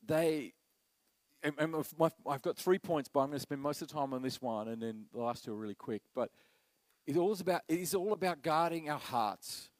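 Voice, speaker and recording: A middle-aged man, preaching a sermon as pastor, animated and acting out quoted voices. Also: a little high, moderate pace, no echo, rough recording.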